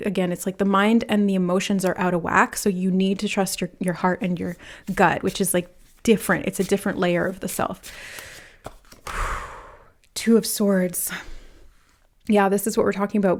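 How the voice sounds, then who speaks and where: Animated woman giving a tarot reading. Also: medium pitch. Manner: animated, talks with many fillers and acts out quoted voices. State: nervous, laughing from nerves. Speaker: tarot reader. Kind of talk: pick-a-card tarot reading.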